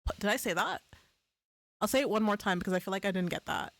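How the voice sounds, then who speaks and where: A woman's voice: mid-range voice, fast talker, dry recording. A woman streamer chatting casually on a live stream, swearing freely and laughing at her own slips.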